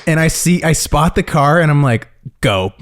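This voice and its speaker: A man's voice: on the high side, normal speed. A man co-hosting a podcast, telling stories in casual chat, acting out quotes and saying "dude" and "bro". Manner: animated storyteller, acts out quotes, says "dude" and "bro". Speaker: podcast co-host.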